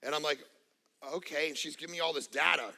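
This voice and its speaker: A middle-aged man preaching a sermon as pastor, telling jokey family stories and swinging from quiet asides to near-shouting. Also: fairly high pitch, fast talker, vocal fry. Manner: casual, joking storyteller. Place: church auditorium.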